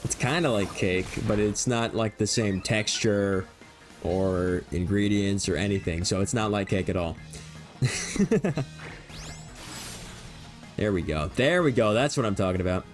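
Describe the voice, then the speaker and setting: A man's voice: fairly low pitch, unhurried, long pauses, soft background music. A young man streaming a video game, rambling and joking in a casual running commentary and laughing easily.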